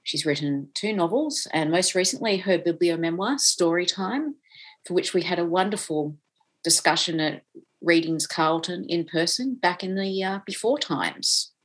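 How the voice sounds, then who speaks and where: A woman event host giving a polite, measured introduction of the interviewer. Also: on the low side, animated, husky, rough recording. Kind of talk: formal introduction.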